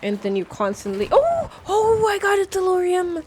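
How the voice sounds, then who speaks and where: A woman's voice: extremely high pitch, wildly swooping pitch, normal speed, a little mellow, slight background noise. A woman playing a game in a let's play, chatty, asking questions and joking as she goes. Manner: chatty, asks questions, jokes while playing. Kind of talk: casual gaming chat.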